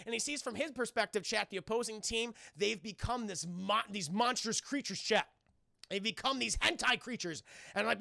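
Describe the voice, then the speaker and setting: High, gravelly, excitable male streamer. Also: brisk, dry recording, studio quality. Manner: excitable, profane, keeps addressing chat. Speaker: streamer and reviewer. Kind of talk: live stream recap to chat.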